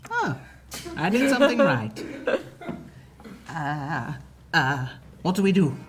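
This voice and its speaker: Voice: medium pitch, sing-song, takes it slowly. A player in a tabletop game, talking in a dreamy, spacey way. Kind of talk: tabletop role-play.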